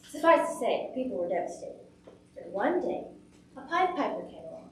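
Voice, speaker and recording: A woman telling a folk tale on stage in a lively, dramatic way. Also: a little high, moderate pace, a little hiss or hum. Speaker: storyteller. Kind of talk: oral storytelling performance. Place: performance venue. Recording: echoey room from far off.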